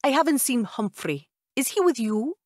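A woman voicing a tall, imposing witch who runs a cafe, smooth and evasive in an audiobook. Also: high voice, very animated, normal speed, no room sound, clean studio sound, pitched above the performer's own voice. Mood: cool, aloof. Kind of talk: audiobook character voice.

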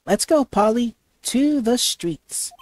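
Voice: mid-range voice, expressive, slow pace, a little mellow, dry recording, voice pushed up. A gamer voicing a cheerful teenage girl magician, bubbly and upbeat, with heavy stutters while reading game dialogue aloud. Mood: eager.

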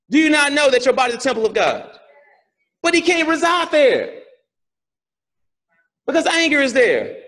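Man, pastor preaching, high voice, quiet passages building to shouts. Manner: preaching with call-and-response questions, swings from quiet to shouting. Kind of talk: sermon.

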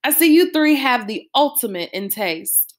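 A woman voicing a playful father who hams up a grand salesman pitch. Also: sing-song, measured pace. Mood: mock salesman. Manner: mock salesman patter, grandiose.

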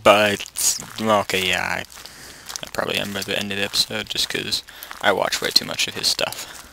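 A man's voice: lowish voice, flat delivery, moderate pace, gravelly. Jittery young man, noisy home mic. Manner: jittery, nervous, often drops to a hushed voice and bursts into panicked repetition. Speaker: gaming YouTuber. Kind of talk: horror game let's play commentary.

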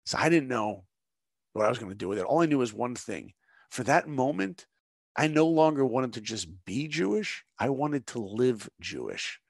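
This is a middle-aged man sharing stories as a guest in conversation. He has a gravelly, mid-range voice and speaks with earnest, preacher-like conviction, often pausing on rhetorical questions. The sound is close and dry, with no room behind it. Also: mid-range voice, expressive, no room sound. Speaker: guest, animation director. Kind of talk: dramatic storytelling in conversation.

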